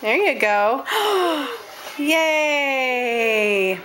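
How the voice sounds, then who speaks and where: A woman coos and coaxes her baby at home in high, bouncing baby talk. She drawls every word slowly, cheering and urging. Music plays clearly in the background. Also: animated, a bit bright, rough recording. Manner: sing-song, coaxing, cheering. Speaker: parent playing with her baby.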